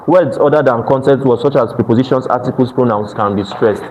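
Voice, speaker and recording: A man's voice: mid-range voice, brisk, hardly any pauses, a little mellow, poor audio. A man with a Nigerian accent, teaching an evening exam-prep class, who keeps checking in with his students and restarts his phrases. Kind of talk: classroom lecture. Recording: faint background noise.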